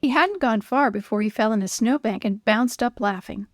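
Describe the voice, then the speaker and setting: A woman's voice: on the high side, moderate pace, no echo, clean studio sound. Woman narrating a children's story. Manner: clear, expressive read-aloud.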